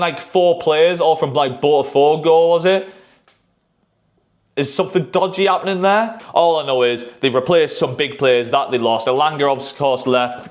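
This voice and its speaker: A man giving animated, opinionated football predictions in a casual vlog, swearing freely. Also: on the high side. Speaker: YouTuber, football fan.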